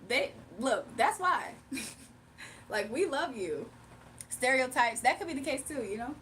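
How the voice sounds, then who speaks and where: A chatty woman livestreamer talks casually to her viewers, reading their messages aloud and laughing often. Her voice sits fairly high and a little away from the mic, with a faint noise underneath. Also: expressive, unhurried, fairly bright tone, recorded from a distance.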